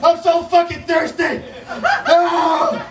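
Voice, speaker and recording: A panicked, foul-mouthed butterfly, screeching high, echoey room. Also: male voice, monotone, takes it slowly, crowd noise. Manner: shrieking panicked swearing. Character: frantic terrified male butterfly, crude. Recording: echoey room, mic far off.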